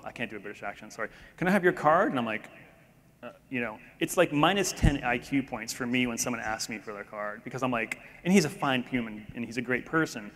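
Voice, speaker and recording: Man, keynote speaker, casual and rambling, mid-pitched, long hall reverb. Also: fairly bright tone. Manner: rambling, self-interrupting, conversational. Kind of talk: casual on-stage conversation. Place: large conference hall.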